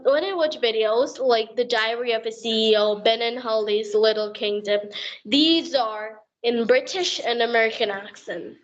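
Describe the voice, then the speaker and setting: A woman answering questions in a practice conversation, talking in a halting way with many fillers and restarts. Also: fairly high pitch, a bit bright. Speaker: interviewee. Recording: dull lo-fi recording.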